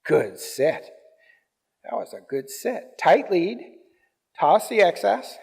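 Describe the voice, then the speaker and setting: A man teaching dog obedience who speaks slowly and with lively ups and downs in his somewhat high voice. He snaps out short commands, then softens into cooing praise. The sound carries a long reverb, as in a large hall. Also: gravelly. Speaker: dog trainer. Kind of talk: hands-on training demonstration.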